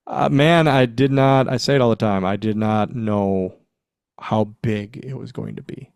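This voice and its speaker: A man's voice: on the low side, moderate pace, vocal fry, clean tone, no echo, clean studio sound. A man in his forties, a former wrestler, telling backstage stories in a casual interview, acting out quotes and laughing often. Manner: animated storyteller, acts out quotes, laughs often.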